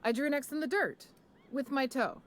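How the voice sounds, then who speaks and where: An actress voicing a tough, sharp-tongued female salvager in a video game, blunt and scornful. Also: sits high, a little fast, lightly acted. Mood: defiant.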